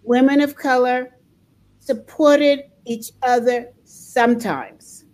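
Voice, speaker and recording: Older woman, slow and thoughtful, slightly high voice, interview guest. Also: fairly even intonation. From United States. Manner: reflective, pauses and repeats words, laughs softly. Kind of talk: conversational interview.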